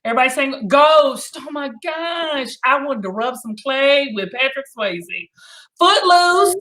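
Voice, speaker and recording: A woman's voice: high-pitched, lively intonation, unhurried, fairly bright tone. A middle-aged woman hosting a casual live chat, gushing and exclamatory, now and then breaking into song. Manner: gushing, exclamatory, bursts into singing. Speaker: host.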